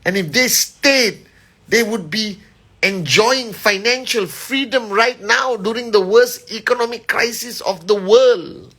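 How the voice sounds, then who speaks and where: Man, middle-aged, motivational live talk, emphatic, high-pitched, huskyish. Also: measured pace, bright, forceful tone. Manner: emphatic and rallying, with a repeated "all right?". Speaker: company leader giving a weekly message.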